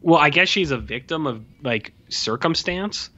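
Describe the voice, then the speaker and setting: This co-host of a laid-back film review podcast has a slightly high voice at normal speed, and the audio is dull. He wanders through scenes in animated retellings, leaning heavily on "like" and "uh."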